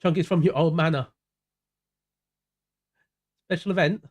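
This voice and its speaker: His voice sits on the high side, with fairly even intonation and a slightly slow pace. He's a South London man chatting with viewers by name while streaming a racing game, now and then trailing off into mumbled asides.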